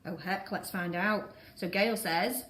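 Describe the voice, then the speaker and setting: A Northern English woman teacher reading with a young pupil, patient and encouraging, slowing down to model words. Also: mid-range voice, fairly bright tone. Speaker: primary school teacher. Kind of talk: guided reading with a child. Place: classroom. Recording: roomy classroom with faint background noise.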